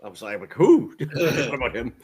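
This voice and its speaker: A man co-hosting a casual review podcast, excitable and laughing often, swearing freely. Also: fairly high pitch, a little fast. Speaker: podcast co-host.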